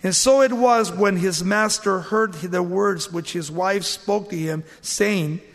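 A man's voice: slow, big-room sound. A man preaching a sermon, dramatically acting out the lines he quotes, with sudden jumps in volume. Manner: dramatic, acts out quoted lines with big swings in pitch and volume.

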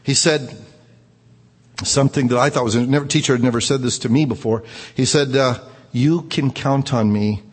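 A man telling a personal story aloud in an earnest way, rising to excited emphasis. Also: medium pitch, fairly quick, long pauses, slightly rough. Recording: reverberant room.

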